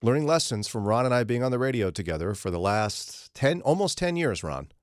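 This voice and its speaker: A man's voice: mid-range voice, very animated, brisk, no room sound, studio quality. A man hosting a morning radio show, chatting casually and acting out angry listeners in raised, mocking voices. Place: radio studio. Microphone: studio microphone.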